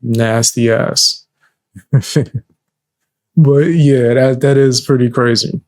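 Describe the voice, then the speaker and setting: A man's voice: mid-range voice, fairly even intonation, takes it slowly, darkish tone. A man giving casual reaction commentary in a laid-back way, laughing often and using street slang.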